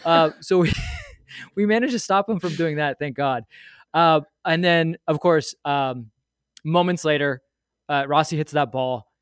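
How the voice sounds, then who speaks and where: Podcast guest, male, slightly high voice, rambling animated storyteller, dry close sound. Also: a little slow, clear, resonant tone, no echo. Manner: rambling, animated storyteller with many fillers and asides. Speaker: guest sharing a fan memory. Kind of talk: casual storytelling.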